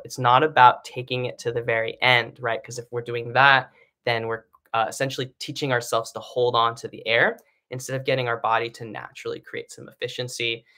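A man's voice: medium pitch, little pitch movement, a little fast, bright, forceful tone. A man teaching an online singing lesson, explaining breathing in a casual way with lots of fillers and "right?" checks. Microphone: live stream setup.

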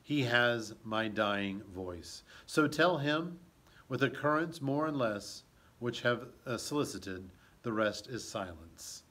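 A man reading aloud as a dying young prince in a play, deliberate and emphatic. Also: medium pitch, animated, sharp tone, exaggerated voice. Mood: grave.

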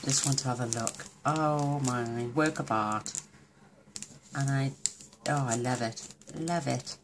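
A woman hosting a crafting video, opening cards in a casual chat and gushing over them with warm affection. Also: rumbling low, slow, noisy background.

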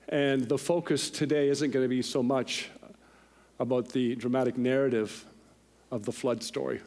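A middle-aged man preaching a sermon in a church, telling a personal story with lively, animated delivery and voicing the people in it. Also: mid-range voice. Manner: animated storyteller, voices others in the tale. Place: church sanctuary.

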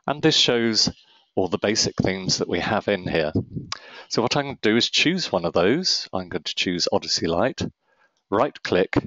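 A man with a low, deep voice walks through a software demo in a calm, step-by-step way. The recording is dry and close, with a slightly dull, muffled sound. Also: moderate pace, no room sound. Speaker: software tutorial narrator. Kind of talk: screen-recorded software walkthrough.

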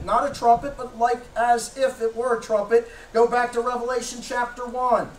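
A man preaching a sermon as pastor, emphatic, firing rhetorical questions at the congregation and shouting at times. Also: very high-pitched, fairly even intonation, moderate pace. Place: church sanctuary. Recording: echoey church from a distance.

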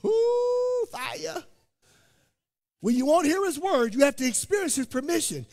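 High-voiced animated preacher man. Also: quick pace. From Indiana. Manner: animated, joking, calls out to the congregation. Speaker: pastor. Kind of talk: sermon. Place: church sanctuary. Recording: long church hall reverb.

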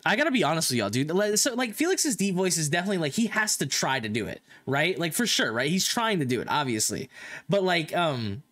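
Male reactor, lively high-ish voice, profane, easily excited. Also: a little fast. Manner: excitable, swears a lot, laughs often. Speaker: reaction video host. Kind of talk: casual reaction commentary.

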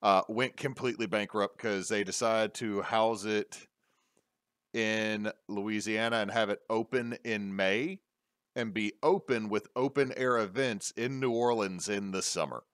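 A man hosting a casual podcast, rambling with many fillers and pauses. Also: fairly low pitch, steady tone, a bit bright, no echo, clean studio sound. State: hiccups. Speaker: podcast host.

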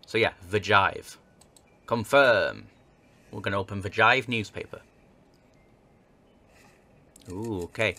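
A man's voice: on the low side, slow, pauses often, sharp tone. A young man hosting a casual let's-play, chatting and joking about himself as he plays a game. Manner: chatty, self-mocking, reads on-screen game text aloud. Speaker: gaming video host.

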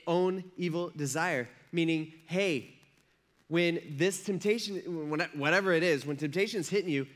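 Male pastor, conversational sermon delivery, playful and animated, higher-pitched voice. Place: church service.

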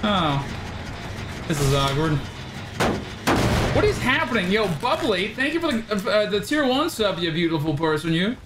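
A woman streaming a game live, excitable and trash-talking opponents while she swears and thanks her viewers. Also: medium pitch, normal speed, long pauses, heavy background noise. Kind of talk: live gameplay streaming commentary. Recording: game music playing underneath. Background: game music.

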